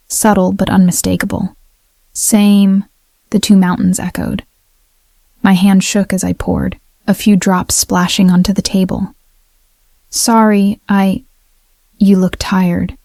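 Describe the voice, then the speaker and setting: A woman narrating a dramatic first-person story in a steady, even way. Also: medium pitch, dry recording, clean studio sound.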